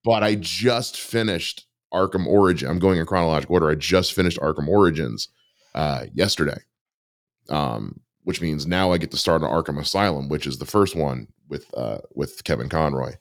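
A man co-hosting a podcast in casual chat, talking haltingly with many fillers. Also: a bass voice, no echo, clean studio sound. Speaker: podcast co-host.

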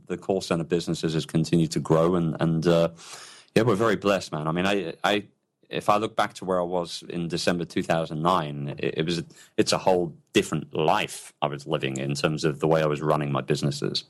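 Low-voiced chatty man. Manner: chatty, enthusiastic, repeats words when starting sentences. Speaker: podcast guest, entrepreneur. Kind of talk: casual interview talk.

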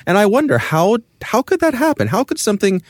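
A man co-hosting a podcast, musing aloud in casual chat at a measured, thoughtful pace. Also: sits high, big pitch swings, no echo, clean studio sound. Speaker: podcast co-host.

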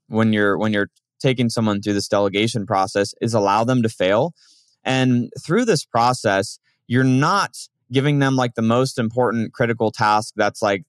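A man's voice: fairly low pitch, dry recording. A man, a business owner, explaining delegation in a casual conversational way, with frequent fillers and restarts. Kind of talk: casual teaching monologue.

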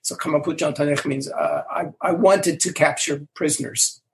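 An older man, a language creator, answering interview questions with animated stories and acting out the quoted lines. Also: fairly high pitch, normal speed, gravelly, slight background noise, poor audio.

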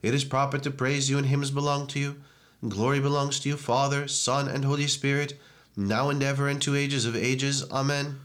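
A man reciting liturgical prayers in a brisk, steady monotone. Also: medium pitch. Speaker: reader of prayers. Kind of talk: liturgical reading.

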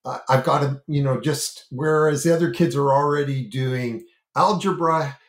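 A man's voice: medium pitch, normal speed, reverberant. A man explaining self-regulation on a talk show, earnest and thinking aloud with lots of fillers and restarts, gesturing with his hands as he talks. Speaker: parenting and self-regulation educator.

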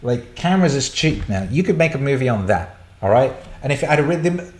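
A man's voice: medium pitch, lively intonation, a little fast. A middle-aged man hosting a casual livestream Q&A, blunt and sweary as he rants and answers chat questions. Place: indoor room. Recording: roomy echo.

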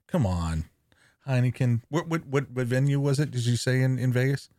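A man's voice: mid-range voice, dark tone, no echo, clean studio sound. A man hosting a podcast, chatting in a rambling, easygoing way. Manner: chatty, rambling, quick to laugh. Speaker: podcast host. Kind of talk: casual chat.

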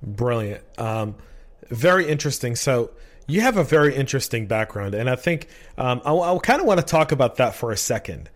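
A man's voice: mid-range voice, animated, brisk. A man hosting a casual podcast interview, chatty and rambling, often repeating words. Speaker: podcast host.

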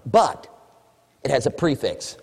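A man preaching a sermon with animation. He swings between hushed asides and shouts, and he playfully acts out imagined listeners. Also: medium pitch, very animated, slow pace, vocal fry, slightly rough, in a large hall.

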